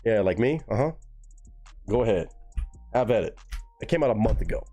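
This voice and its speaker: A young man hosting a live music reaction stream, talking casually and excitedly to his chat with plenty of swearing. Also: on the low side, fairly quick, dull audio. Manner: excitable, profane, talks straight to chat.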